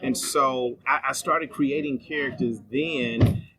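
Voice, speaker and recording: A man's voice: medium pitch, fairly even intonation, slow, background noise. A middle-aged man, a comic artist, telling his story as a podcast guest at a convention. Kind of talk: casual interview. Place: convention floor, recorded live.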